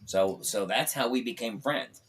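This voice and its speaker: A man in his fifties, a comedian guest telling animated stories in casual podcast chat, with lots of fillers and restarts. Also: mid-range voice, a little slow, a little hiss or hum. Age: 50s. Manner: animated anecdotes, acts out quoted voices, frequent fillers and restarts.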